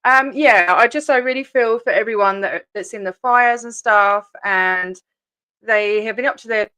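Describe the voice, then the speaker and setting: A woman's voice: medium pitch, normal speed, pushed and bright, smooth. An Australian woman hosting a casual livestream, chatty and rambling with frequent ums, greeting viewers while feeling a bit sick. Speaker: livestream host.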